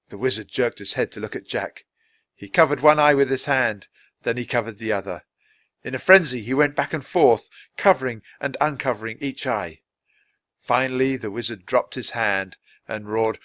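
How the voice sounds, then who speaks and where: A man reading a children's storybook aloud, slowly and deliberately for English learners. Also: mid-range voice, fairly bright tone, no room sound. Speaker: storybook reader.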